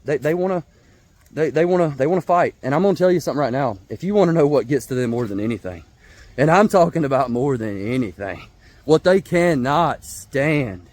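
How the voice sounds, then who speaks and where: Young man, late twenties, rant vlogger, a touch high-pitched, excitable, trips over his words. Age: 20s. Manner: heated, repetitive, stammering restarts, mocking put-on voices. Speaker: vlogger, Georgia football fan. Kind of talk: casual rant to camera.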